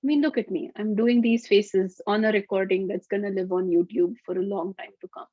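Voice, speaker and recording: A woman's voice: medium pitch, steady tone, brisk, dry recording. A woman presenting a live webinar on auditory skills, explaining in an upbeat, playful way. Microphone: computer mic on video call. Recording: dull lo-fi webinar audio.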